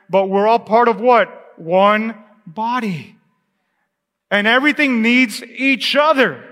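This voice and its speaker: A man preaching a sermon as the pastor, in a lively, conversational way, with asides and questions to his congregation. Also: high-pitched. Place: church sanctuary. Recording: echoey church hall.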